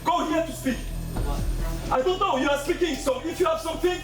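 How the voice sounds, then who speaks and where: A man as a football coach giving a half-time team talk, intense and repeating himself, sometimes shouting. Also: very high-pitched, brisk, distant mic. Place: changing room. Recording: echoey room from afar, with music.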